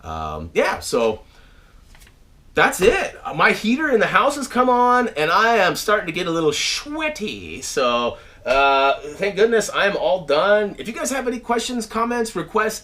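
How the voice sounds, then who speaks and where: Guy in his 30s doing a home vlog update, super animated pitch, lots of ums, bright forceful voice. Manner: animated and chatty, many fillers and restarts, shouts out names. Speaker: channel host. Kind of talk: casual video update to viewers. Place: at home, indoors.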